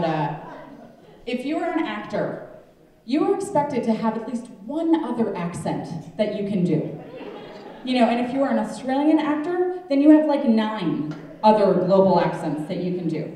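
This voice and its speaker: A woman in her thirties doing a stand-up comedy set, sarcastic and animated with mock-indignant asides, on a comedy club stage. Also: mid-range voice. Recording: echoey club, distant mic, audience laughter.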